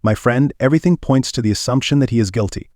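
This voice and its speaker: A man's voice: medium pitch, quick pace, a little mellow, no echo, studio quality, natural voice. A man voicing Poirot, a fussy precise detective.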